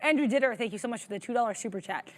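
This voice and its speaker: Woman, live trading show co-host, upbeat and chatty, fairly high voice, reads chat aloud. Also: very fast. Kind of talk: live market commentary.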